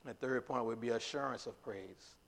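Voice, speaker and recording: A man preaching a sermon in a casual, conversational way, full of fillers and restarts, breaking into loud emphatic lines. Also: medium pitch, normal speed, gravelly.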